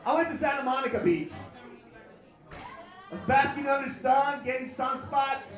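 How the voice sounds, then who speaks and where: A man from Los Angeles performing a live stand-up set in a bar, with a punchy, profane delivery that breaks into shouted bursts. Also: extremely high pitch, fairly even intonation, normal speed, soft background music. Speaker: stand-up comedian and host. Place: bar stage before a live audience. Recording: echoey bar with crowd laughter.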